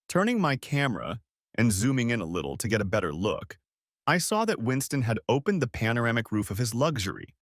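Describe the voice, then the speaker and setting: A man narrating a first-person story in an expressive storytelling manner. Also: mid-range voice, no room sound, clean studio sound.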